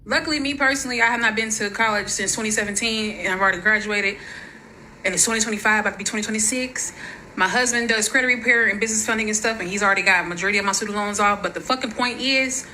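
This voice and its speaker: Furious profane woman ranting, bright voice. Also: mid-range voice, fast talker, slight background noise, rough recording. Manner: furious, profane, shouting in bursts. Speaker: social media creator. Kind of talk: angry rant to camera.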